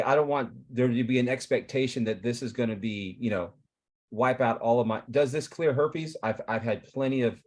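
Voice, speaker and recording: A man on a video call explaining a therapy in an earnest, rambling way, with frequent restarts. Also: mid-range voice.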